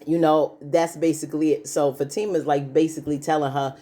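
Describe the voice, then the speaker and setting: Deep and mellow, this woman's voice moves briskly with few pauses and fairly even intonation as she recaps a TV episode. As the show's recap host, she chats casually, leans on "you know" fillers, and performs characters' lines while retelling.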